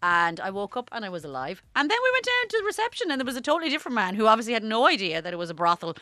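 Irish woman, storytelling chat, animated pitch, bright voice, laughs a lot, does voices. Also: rapid-fire, no room sound. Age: adult. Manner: lively anecdotes, laughing, acts out voices. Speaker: guest.

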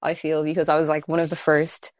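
An Irish woman with a low voice hosts a casual interview. She speaks earnestly and softly, and the recording is dry and close with no room sound. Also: completely flat delivery, fairly quick, no echo. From Ireland, raised in Kildare. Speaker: podcast host.

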